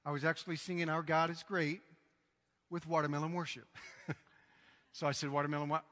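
A man's voice: on the high side, level tone, normal speed, a bit bright. A man preaching a sermon as pastor, emphatic and dramatic, often acting out quotes. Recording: reverberant hall.

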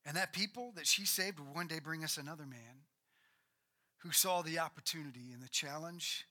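A man preaching, his voice high for a man and very bright and ringing. He tells the story with energy, acting out the characters as he goes. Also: normal speed. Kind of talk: sermon.

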